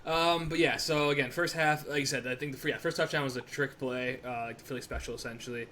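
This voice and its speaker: A man's voice: mid-range voice, fairly even intonation, fast, sharp tone, slight background noise. A man co-hosting a casual sports podcast, ranting in an exasperated, profane way about announcers. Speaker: podcast co-host.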